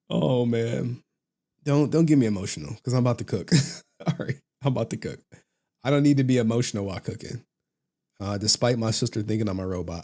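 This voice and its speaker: A man hosting a commentary channel, talking casually and telling stories with slang and frequent laughs. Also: mid-range voice. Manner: animated, joking storyteller who laughs often and slips into slang.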